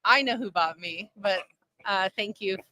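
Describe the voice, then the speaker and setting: A woman chatting on a live show at a conference, talking fast and laughing easily. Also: mid-range voice, pushed and bright. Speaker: guest. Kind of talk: casual live chat. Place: conference hall.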